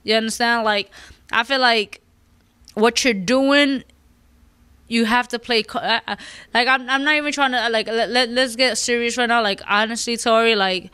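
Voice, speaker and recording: A woman podcast host ranting with emphatic, profane opinions in loose, casual chat. Her voice sits on the higher side and sounds close and dry, with no room around it. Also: steady tone, moderate pace, pushed and bright, clear, resonant tone, no echo. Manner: emphatic, profane, repeats "you understand?".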